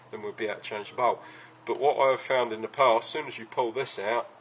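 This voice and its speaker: A man's voice: mid-range voice, a bit bright, slight background noise, rough recording. A British man casually talking through a hobby build in his workshop, rambling with plenty of ums and uhs.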